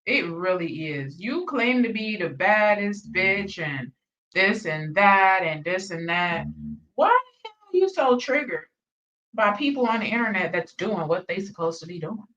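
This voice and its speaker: A woman's voice: mid-range voice, very animated, unhurried, fairly bright tone, far from the mic, highs cut off, slight background noise. A woman hosting a reaction channel, ranting bluntly with heavy profanity and repeated emphasis. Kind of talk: reaction commentary rant.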